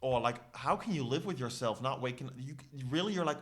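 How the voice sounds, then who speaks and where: A man's voice: mid-range voice, animated, a little fast, hardly any pauses, fairly bright tone. A man co-hosting a podcast in casual chat, dramatic and effusive. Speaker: podcast co-host.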